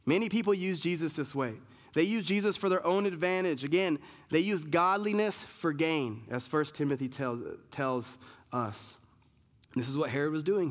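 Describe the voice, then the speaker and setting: A male pastor preaching an emphatic sermon, building points through repeated lists and restarts. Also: on the high side. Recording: long reverb of a large hall.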